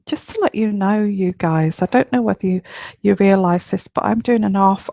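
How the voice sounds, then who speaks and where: Whispering softly from home late at night, a woman runs a live online radio show reading tarot. Her gravelly voice is medium in pitch at a moderate pace, her talk rambles with plenty of fillers, and there's no room sound.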